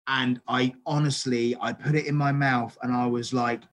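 A middle-aged man, a chef, telling stories in a casual interview, animated and full of restarts. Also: mid-range voice, moderate pace. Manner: animated, acts out quoted dialogue, frequent restarts. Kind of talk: casual storytelling.

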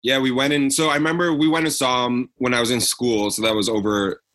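A man's voice: mid-range voice, steady tone, fast talker, fairly bright tone. A young man co-hosting a podcast, chatting casually in a laid-back, slangy way and laughing often. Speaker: podcast co-host. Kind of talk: casual chat.

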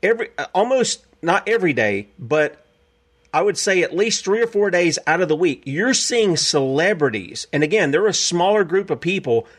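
A man's voice: high-pitched, sing-song, normal speed. A man hosting a talk show in a folksy manner, reading headlines and chatting with guests. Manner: folksy, chuckles often. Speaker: host.

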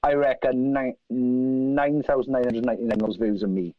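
A man from South Wales with a Welsh accent, telling animated, profane anecdotes and acting out other people's lines. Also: mid-range voice, moderate pace, noisy background. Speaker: guest musician. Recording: dry, slightly dull lo-fi sound.

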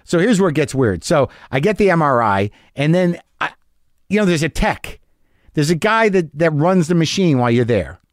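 A man's voice: fairly high pitch, big pitch swings, normal speed, no room sound, studio quality. A middle-aged man hosting a podcast, telling a long story in an anxious, self-mocking way. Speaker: podcast host. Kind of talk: monologue.

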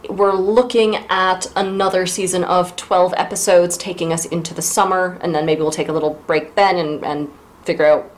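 A woman with a slightly low voice co-hosts a book podcast. She talks in casual chat and drops dry, sardonic asides. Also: steady tone, a little hiss or hum. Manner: wry, sardonic, quick asides. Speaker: podcast co-host.

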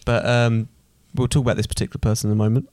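A man's voice: mid-range voice, little pitch movement, racing, a little mellow, dry recording. A young man co-hosting a casual podcast with his father, full of dry teasing banter. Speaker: podcast co-host, the son. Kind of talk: casual chat.

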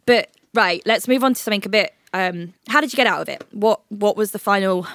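A woman's voice: mid-range voice, a little fast, a bit bright, no echo. A woman co-hosting a podcast, crying as she comforts her best friend over a video call, swearing freely. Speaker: podcast co-host. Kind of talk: emotional casual chat.

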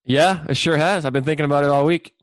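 A man's voice: fairly high pitch, fast talker, no room sound. A man co-hosting a casual sports podcast, answering with dry, teasing banter. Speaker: podcast co-host.

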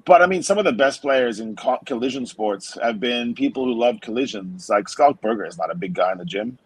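A man's voice: medium pitch, expressive, brisk, slightly rough, no echo, low-quality recording. A man hosting a podcast, asking a guest thoughtful questions with some hesitation. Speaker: podcast host. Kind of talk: casual interview questions.

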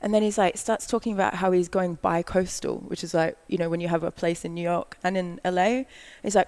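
As a podcast guest, an Australian model tells a long personal story in a fairly low voice with a gravelly, creaky texture. Her delivery is fast, loose, and animated, full of "like," and she slips into the voices of the people she quotes in this casual storytelling chat.

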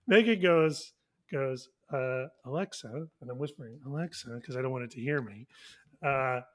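A man in his thirties co-hosting a casual podcast, telling an anecdote in an animated way with quick asides. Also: mid-range voice. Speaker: podcast co-host. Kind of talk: casual chat, storytelling.

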